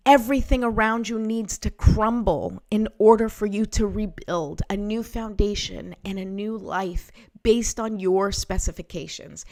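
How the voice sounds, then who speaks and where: A woman hosting a motivational talk, encouraging and personal, often checking in with the listener. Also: fairly high pitch. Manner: encouraging, repeats "right?" to the listener. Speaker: host.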